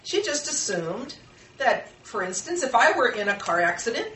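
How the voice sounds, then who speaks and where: A woman's voice: on the high side, big pitch swings, moderate pace, a bit bright, a little hiss or hum. A middle-aged woman giving an informal workshop talk, earnest and conversational, with personal stories. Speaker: workshop presenter. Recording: echoey room, mic far off.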